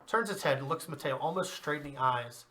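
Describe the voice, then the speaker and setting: Casual game master, bright tone, relaxed narration with frequent laughs. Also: male voice, a little high, moderate pace.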